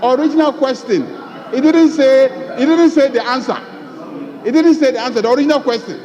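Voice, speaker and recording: High-voiced lecturing man. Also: brisk, a little mellow, a faint crowd. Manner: lecturing, repeats key phrases for emphasis. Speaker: majority leader. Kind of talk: parliamentary debate. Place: large parliament chamber. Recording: dull chamber mic with long hall reverb.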